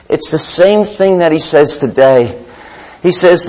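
Animated man preaching a sermon. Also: on the high side, a little slow, poor audio. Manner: animated storytelling, voices the disciples and Jesus; reads scripture aloud.

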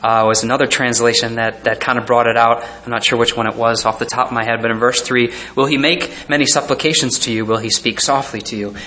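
Bright-voiced man preaching a sermon. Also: medium pitch, quick pace, few pauses, slight background noise. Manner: animated, chuckling often, reads scripture aloud; hesitant fillers and restarts. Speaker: pastor.

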